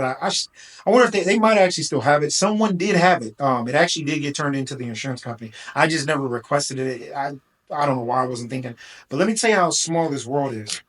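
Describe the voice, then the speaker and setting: A man's voice: medium pitch, fairly bright tone, rough recording. A man who runs a car rental business, telling a long story in a casual, rambling way, full of fillers and quoted back-and-forth.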